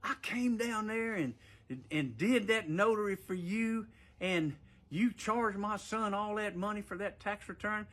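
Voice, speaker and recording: A man putting on the voice of an indignant woman neighbor who scolds him, higher than his own voice. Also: measured pace, fairly bright tone. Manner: scolding, outraged. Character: indignant middle-aged woman neighbor, ranting.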